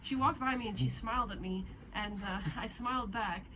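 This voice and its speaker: A woman's voice: mid-range voice, normal speed, loud music behind the voice. A woman casually recounting a night out, rambling and chatty with frequent laughs. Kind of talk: casual storytelling chat. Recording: noisy crowd around.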